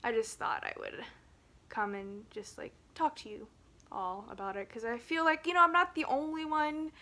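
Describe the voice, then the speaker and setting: Woman vlogger, slightly high voice; halting, rambling phone-camera talk, emotional and close to tears. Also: pushed and bright. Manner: rambling and halting, with frequent restarts and nervous laughs.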